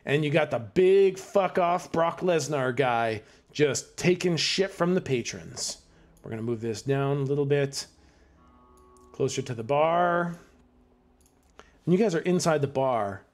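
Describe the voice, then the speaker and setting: A man's voice: on the high side, lively intonation, measured pace. A man narrating as game master in a casual way, laughing and filling with restarts.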